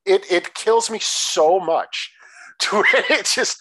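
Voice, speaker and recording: A man from the Detroit area co-hosting a casual movie review podcast, talking in a blunt, animated and profane way. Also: sits high, unhurried, no echo, poor audio. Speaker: podcast co-host.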